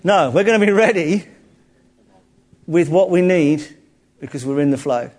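A man preaching to a congregation in an animated, chatty way, cracking jokes as he goes. His voice sits a little high for a man. He acts out the people he quotes. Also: normal speed. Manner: lively, jokey, conversational, acts out quotes. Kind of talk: sermon.

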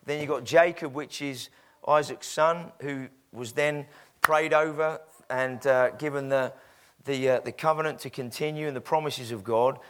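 A man's voice: medium pitch, fairly even intonation, moderate pace, fairly bright tone, smooth. A man preaching a sermon in a conversational, storytelling way with frequent fillers.

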